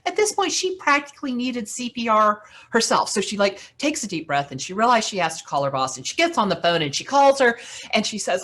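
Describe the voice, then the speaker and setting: A woman speaker telling an animated story to business owners, with dramatic swings in her delivery. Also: on the high side, fairly quick. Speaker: keynote speaker.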